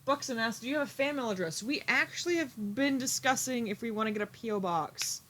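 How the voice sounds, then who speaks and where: A woman's voice: a little high, expressive, brisk, fairly bright tone. A young woman chatting casually on a livestream, giggling and reading viewer comments aloud. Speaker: streamer.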